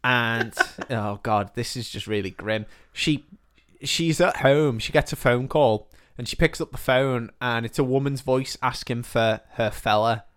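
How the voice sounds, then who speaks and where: A man co-hosting a casual podcast, walking through a film scene by scene. He talks loosely and sweary, slipping briefly into the characters' lines, at an ordinary middle pitch. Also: a little slow, a bit bright, clear, resonant tone. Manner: rambling, sweary, quotes characters in passing. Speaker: podcast co-host. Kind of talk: casual chat retelling a film.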